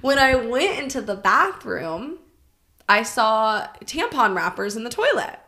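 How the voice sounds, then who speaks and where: A woman guest on a podcast, telling a candid personal story in casual chat, animated and full of "like" fillers and swearing. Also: a little high, measured pace.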